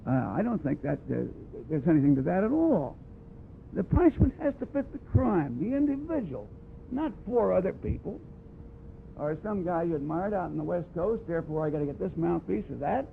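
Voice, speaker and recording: A man's voice: sits high, sing-song, normal speed, creaky. A man giving a brass clinic in a plainspoken, wry way, scatting phrases to demonstrate. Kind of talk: blunt, conversational teaching talk. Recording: tinny lo-fi archival tape with faint hiss.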